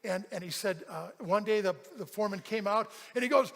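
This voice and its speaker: A man's voice: sits high, normal speed. A man preaching a sermon as a pastor, telling a story with animation and acting out the people in it. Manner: animated storyteller, acts out quoted voices. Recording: large hall with long reverb.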